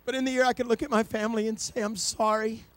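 High-voiced male preacher, dry sound. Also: flat delivery, rapid-fire, no echo. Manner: builds to loud, high-pitched preaching; storytelling, with repeated restarts. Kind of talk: sermon.

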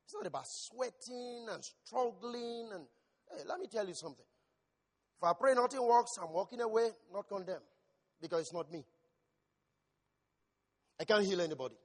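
Pastor, male, preaching voice with shouted peaks, high register, long hall echo. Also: lively intonation, normal speed, long pauses. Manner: asks the congregation questions. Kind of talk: sermon.

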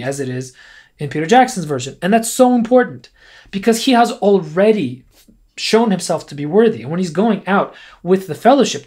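An opinionated podcast host delivering a solo monologue. The talk is animated and ranting. Self-deprecating asides break up the argument. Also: medium pitch.

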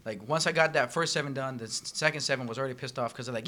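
A man guest on a casual podcast, telling profane, animated stories and acting out the people in them. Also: medium pitch, racing, few pauses. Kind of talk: casual storytelling.

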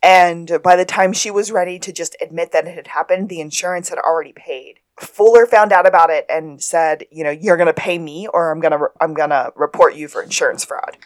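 Lower-voiced woman retelling a plot. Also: brisk, hardly any pauses. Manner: storytelling, quotes characters. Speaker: podcast co-host. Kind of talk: casual recap chat.

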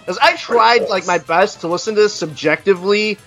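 A man's voice: sits high, a little fast, a bit bright, faint music behind. A man ranting crudely and mockingly while reviewing an album in casual podcast chat. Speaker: podcast co-host.

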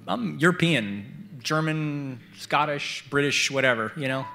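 Guest preacher, man, middle-aged, animated storyteller, drops to hushed prayer then surges loud. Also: on the high side, a little slow, vocal fry, soft background music. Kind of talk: sermon. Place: church service.

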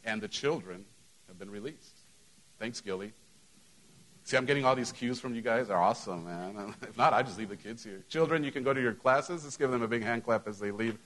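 A man's voice: mid-range voice, fairly quick, a bit bright, slight background noise, rough recording. A middle-aged man, a pastor, giving church announcements to his congregation in a conversational way, full of "you know" fillers. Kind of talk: church announcements and sermon opening. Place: church sanctuary.

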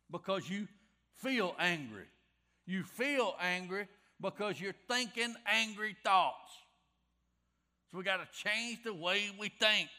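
A middle-aged pastor delivers a sermon in a folksy, conversational manner, circling back to repeat his points. His voice sits high for a man and has a bright, forceful edge.

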